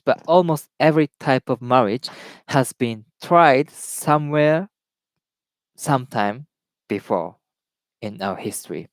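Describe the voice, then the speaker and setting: Man reading aloud haltingly in English. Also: mid-range voice, animated, dry recording. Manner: reads aloud haltingly, repeats words, greets viewers. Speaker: live stream host. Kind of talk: casual reading and commentary.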